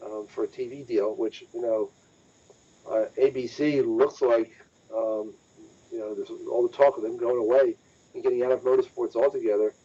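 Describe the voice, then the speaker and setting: A man's voice: medium pitch, fairly even intonation, moderate pace, mellow, slightly rough. Emphatic man on a lo-fi podcast. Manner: emphatic, repeats himself for stress. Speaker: motorsports news podcast host. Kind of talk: casual discussion podcast. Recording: dull lo-fi audio.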